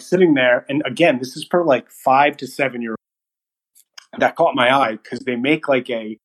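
A man's voice: medium pitch, poor audio. Laughing young man telling a movie story. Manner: animated storyteller, acts out quotes, laughs often. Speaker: podcast co-host reviewing movies. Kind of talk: casual chat.

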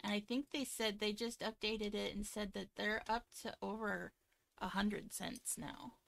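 A woman's voice: mid-range voice, fairly even intonation, measured pace, creaky, fairly bright tone. A woman co-hosting a podcast, chatting casually, laughing often and reading sponsor copy with some stumbles. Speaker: podcast co-host. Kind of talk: casual chat with a read sponsor ad.

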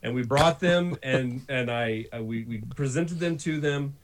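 A man in a relaxed podcast conversation, telling long anecdotes with animated energy and frequent laughter. His voice sits in a middle pitch. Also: measured pace. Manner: animated storyteller, laughs often. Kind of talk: casual chat.

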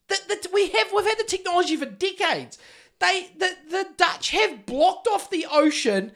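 A man's voice: very high-pitched, lively intonation, normal speed, fairly bright tone. A middle-aged man with a New Zealand accent, ranting and swearing heavily in casual podcast chat. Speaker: podcast host.

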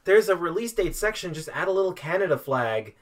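A man's voice: high voice, very animated, a little fast. A young man hosting a casual podcast, jokey and loose, wrapping up with thanks and plugs. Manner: jokey, puts on silly voices. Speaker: podcast host.

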